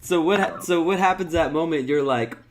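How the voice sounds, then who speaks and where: A man's voice: on the high side, fairly quick. Agreeable man over a noisy background. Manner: agreeable, laughs along, brief backchannels. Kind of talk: casual podcast conversation. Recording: clear background noise on the line.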